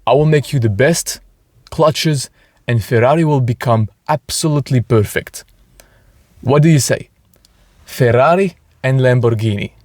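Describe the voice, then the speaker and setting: A man voicing a proud, blunt Italian industrialist with a put-on Italian accent, pitching a deal with emphatic self-assurance. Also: measured pace, darkish tone, no echo, natural voice. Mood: proud, persuasive.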